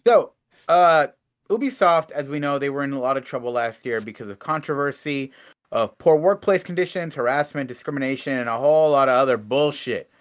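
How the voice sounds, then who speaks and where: A young man co-hosting a casual online show, reading gaming news and adding sarcastic, animated asides, his voice swinging from loud to soft. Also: mid-range voice, brisk, muffled recording. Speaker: co-host.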